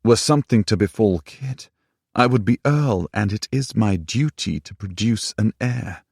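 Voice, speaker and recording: A man reads an audiobook in full character voice as an earnest sixteenth-century knight with formal, old-fashioned speech, pitching above his natural register. His lowish voice is creaky, a little mellow and breathy, animated but unhurried. The sound is clean studio audio with no echo.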